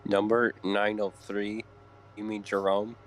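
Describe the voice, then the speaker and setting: A man's voice: on the low side, little pitch movement, slow, slight background noise. A man voicing a grumpy, dismissive male train engine. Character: grumpy young adult male engine, Ted.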